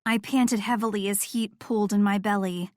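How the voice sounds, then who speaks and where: A woman reading first-person audiobook narration with steady, intimate storytelling. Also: medium pitch, moderate pace, no echo, studio quality.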